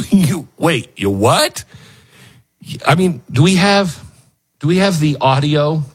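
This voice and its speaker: Man, talk show host, husky, lively pitch, sarcastic commentary. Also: takes it slowly. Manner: sarcastic, mocking, lively with laughs. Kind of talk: opinionated commentary.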